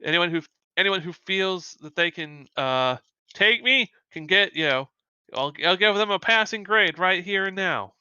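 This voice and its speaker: A man's voice: sits high, expressive, unhurried, pushed and bright, smooth, no echo, highs cut off, pitched above the performer's own voice, full character voice. A man voicing a tough female combat teacher with no powers, who scolds her students bluntly. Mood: scolding.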